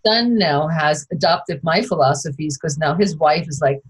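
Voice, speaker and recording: A woman's voice: low voice, normal speed, husky, rough recording. A woman hosting an interview over a video call, answering her guest with empathy and personal asides. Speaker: host.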